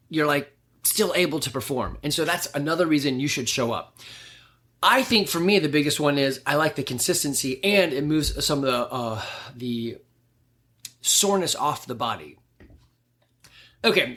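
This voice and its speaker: A man's voice: fairly high pitch, fairly bright tone. A man hosting his own fitness podcast, explaining workouts in a casual, conversational way with frequent fillers. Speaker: fitness coach and podcast host. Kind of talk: casual solo podcast talk.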